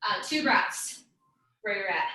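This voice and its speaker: A woman's voice: medium pitch, expressive, slow, sharp tone. A woman teaching a live yoga class, giving encouraging cues and calling out students by name. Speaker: yoga instructor. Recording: very echoey room, voice far from mic, faint background noise.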